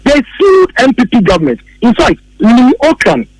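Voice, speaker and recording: A man's voice: very high voice, big pitch swings, normal speed, low-quality recording. A man with a Ghanaian English accent giving heated political commentary on the radio, emphatic and repeating his key phrases.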